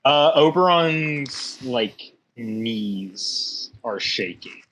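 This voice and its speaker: A man's voice: mid-range voice, expressive, drawn-out words, a bit bright, a little hiss or hum, poor audio. A man playing in a tabletop game, describing his character's actions in a casual way. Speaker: player.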